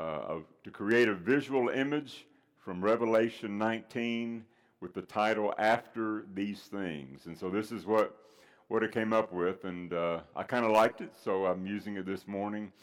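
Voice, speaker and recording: A man preaching a Sunday sermon in a somewhat low voice. He talks loosely with ums and restarts between points. When he reads scripture he turns slow, loud and emphatic. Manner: conversational with fillers, rising to loud emphatic scripture reading.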